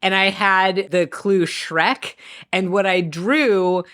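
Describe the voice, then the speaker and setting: A woman's voice: medium pitch, slow, fairly bright tone. A woman in her thirties co-hosting a casual movie review chat, chatty and rambling, often correcting herself mid-sentence. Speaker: podcast co-host.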